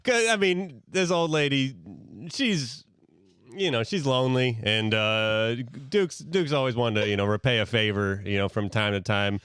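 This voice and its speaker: A male podcast host making up a silly story as he goes, piling on fillers and restarts in a playful, rambling way. His voice is smooth and clear at an ordinary middle pitch. He sounds close to the mic in a dry room. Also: normal speed, fairly bright tone, dry recording. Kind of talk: improvised comic storytelling.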